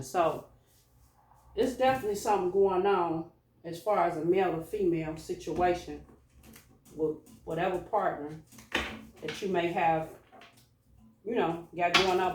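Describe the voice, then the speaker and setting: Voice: medium pitch, recorded from a distance, slight background noise. A tarot reader casually musing through a card reading for a collective audience, speaking in an informal, loose way. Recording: echoey room, voice away from mic.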